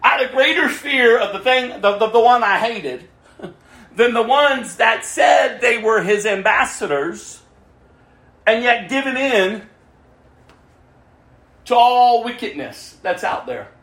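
A man with a notably high voice preaches his testimony with fervor. He swings from loud outbursts to low, hushed passages. The sound carries the echo of a reverberant room. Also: animated, takes it slowly, creaky, long pauses. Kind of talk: impassioned testimony sermon.

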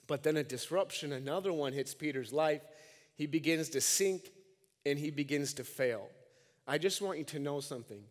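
A man in his thirties from Minnesota with a Minnesotan accent, preaching a sermon and swinging from quiet, low talk to shouted cries. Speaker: pastor. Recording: long echoing hall reverb.

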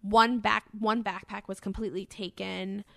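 A woman's voice: medium pitch, little pitch movement, normal speed, vocal fry, dry recording. A woman, co-hosting a podcast, telling a long story with many likes and ums. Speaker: podcast co-host. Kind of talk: casual chat.

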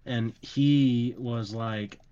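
A man's voice: medium pitch, fairly even intonation, extremely slow, warm tone, smooth, muffled recording. A young man chatting casually on a podcast, telling stories in a rambling, self-mocking way with plenty of fillers. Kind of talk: casual chat.

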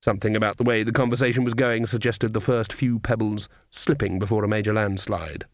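A man's voice: fairly low pitch, steady tone, brisk, no room sound. Man narrating an audiobook, dry and close. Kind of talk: scripted narration.

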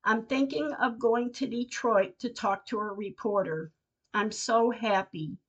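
A woman's voice: fairly high pitch, measured pace, husky. An older woman, a podcast host, reading her personal diary entries aloud in an earnest, heartfelt way. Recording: dull lo-fi recording.

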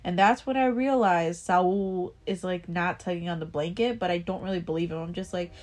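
Woman, young adult, lowish voice, casual chat, rambling, heavy swearing. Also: moderate pace, darkish tone. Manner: rambling, swears a lot, restarts often. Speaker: storyteller.

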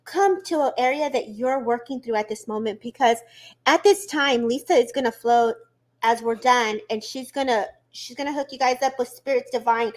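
A woman talking casually and encouragingly about spiritual healing and grief, animated as she speaks. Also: a little high, moderate pace.

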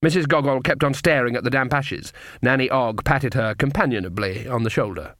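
A man's voice: mid-range voice, dry recording, clean studio sound. Man narrating a story. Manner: even, measured storytelling. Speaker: audiobook narrator. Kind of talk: scripted narration.

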